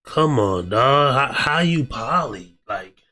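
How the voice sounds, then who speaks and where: A man's voice: medium pitch, expressive, slow, pushed and bright. A young man with a cold, giving loose, slangy reaction commentary straight to his viewers. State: sick with a cold. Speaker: video reactor.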